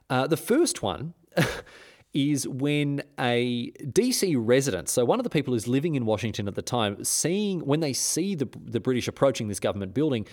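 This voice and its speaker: Male history podcast host, irreverent, jokey, mid pitch. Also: a little mellow. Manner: irreverent, joking, many restarts and chuckles. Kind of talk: casual history storytelling.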